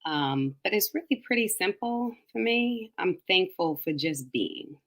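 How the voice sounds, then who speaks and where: Woman panelist, low and unhurried, thoughtful, hesitant. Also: lively intonation, a bit bright. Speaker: panelist on a women's talk show. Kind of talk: heartfelt casual chat.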